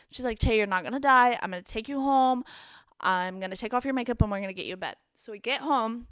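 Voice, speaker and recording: A woman's voice: fairly high pitch, quick pace, a bit bright, clean tone, no room sound. A woman in her twenties, co-hosting a podcast, animatedly retelling a night out and acting out her friends' lines. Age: 20s. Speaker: podcast co-host. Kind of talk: casual storytelling chat.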